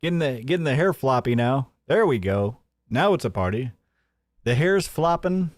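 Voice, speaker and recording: A man hosting a news commentary stream, energetic and joking, often laughing at what he covers. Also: medium pitch, normal speed, no room sound, studio quality. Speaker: host.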